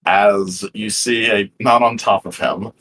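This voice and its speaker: A man's voice: on the low side, fairly even intonation, unhurried, crowd noise. A man narrating as game master of a tabletop role-playing game, rambling and restarting his sentences as he describes the scene. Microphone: headset or desk mic on a live stream.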